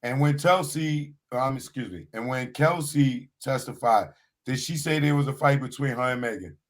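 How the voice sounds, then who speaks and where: A man's voice: medium pitch, moderate pace. A man hosting a live panel talk show, interrupting with probing questions. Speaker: host.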